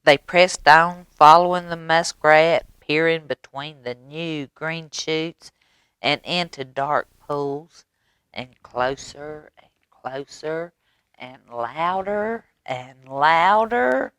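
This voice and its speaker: A woman reading a story aloud to children at storytime, with gentle animated asides. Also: low-pitched, takes it slowly, clear, resonant tone, dry recording.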